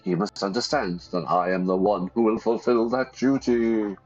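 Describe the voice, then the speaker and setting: A man's voice: lowish voice, darkish tone, muffled recording, soft background music, natural voice. A man voicing an ambitious young noble heir who speaks firmly and with self-assurance. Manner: firm, brisk, self-assured.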